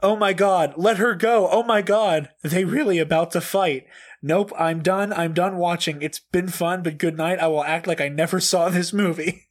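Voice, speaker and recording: A man's voice: high voice, fairly even intonation, moderate pace. A man giving a dramatic comedic reading, profane and over the top, laughing often, speaking into a desk mic he has pushed back. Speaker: comedic reader. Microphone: desk mic, pushed back and turned down.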